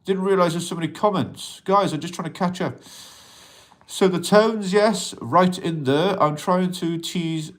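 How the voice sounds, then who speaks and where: A man's voice: high voice, unhurried. A man hosting a casual livestream about mental health, rambling as he reads out and answers viewers' comments and talks to them as an alien persona addressing humans, in an accent viewers ask about. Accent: unplaced accent that viewers ask about. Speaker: livestream host.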